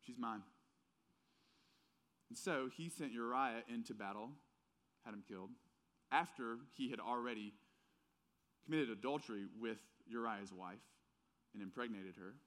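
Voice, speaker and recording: A man with a faint Southern accent preaching a casual, conversational sermon, telling stories in an animated way with many fillers. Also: mid-range voice, normal speed, pauses often.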